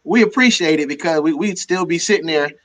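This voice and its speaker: A man who is a guest in a casual conversation, relaxed and folksy, often saying "you know". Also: on the high side, a little fast, low-quality recording.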